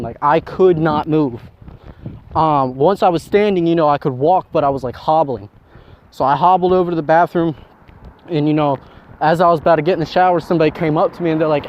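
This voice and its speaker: A young man telling a personal story in a casual, rambling way, with many fillers. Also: fairly high pitch. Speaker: vlogger. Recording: dull lo-fi sound with faint noise.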